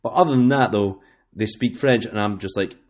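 A man's voice: lowish voice, moderate pace. A man with a Scottish accent hosting a casual podcast chat, rambling with many fillers and restarts. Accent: Scottish, West Lothian. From Scotland. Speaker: podcast host.

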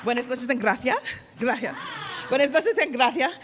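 A woman's voice: high-pitched, expressive, normal speed, a little hiss or hum, pitched below the performer's own voice. A woman playing a flirty, gushing Miss Florida contestant. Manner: flirty, gushing, repeating gracias. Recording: live club crowd laughter.

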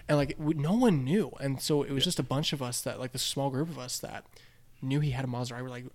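A man hosting a podcast, telling stories in casual chat, animated and laughing often. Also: medium pitch, quick pace. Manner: animated storyteller, laughs a lot, says dude. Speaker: podcast host.

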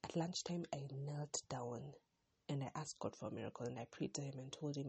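A young woman talks through her week on her own podcast, circling back and restarting her thoughts in a heartfelt ramble. Her voice sits low and soft-toned, with a strongly husky, breathy texture. The sound is close and dry, with no room around it. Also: brisk, dry recording. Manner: rambling, self-interrupting, heartfelt. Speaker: podcast host. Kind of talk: casual personal podcast monologue.

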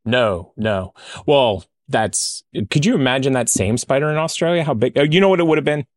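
A man co-hosting a casual reaction chat, talking in a playful, animated way. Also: medium pitch, dry recording, clean studio sound. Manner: animated, playful, quick to laugh and joke. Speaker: co-host.

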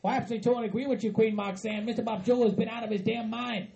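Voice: medium pitch, fairly even intonation, very fast, vocal fry, darkish tone, lightly acted. A performer voicing an eager, dim hillbilly man who drawls and stammers in a comedy skit. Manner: drawling, stammering, says "by God".

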